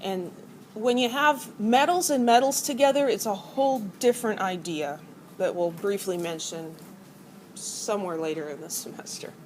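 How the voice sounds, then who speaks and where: A woman's voice: mid-range voice, normal speed, noisy background. Playful middle-aged woman teaching chemistry. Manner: playful, acts out atoms as characters. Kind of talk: classroom lecture. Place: college classroom.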